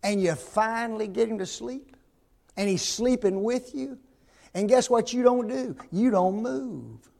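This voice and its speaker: Man pastor in church, high-pitched, unhurried, emphatic, keeps asking rhetorical questions. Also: creaky. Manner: emphatic, rhetorical questions, big swings in loudness. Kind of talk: sermon.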